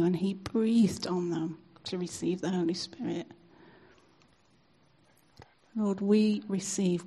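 Soft husky woman praying. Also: fairly low pitch, rough recording. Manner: soft, hesitant, halting with fillers. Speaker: church member leading prayer. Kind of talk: spontaneous prayer and sharing.

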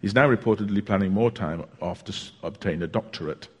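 A man preaching a sermon in a church, telling stories in a chatty, unhurried way with small hesitations. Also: on the low side, slightly rough. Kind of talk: sermon with a joke. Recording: long reverb of a church hall.

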